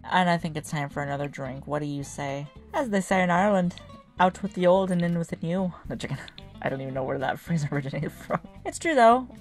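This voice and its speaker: A woman with a fairly low-pitched voice hosts a gaming channel video of a life-sim game, chatting casually as she plays. She's excitable and teasing, often laughing and cheering.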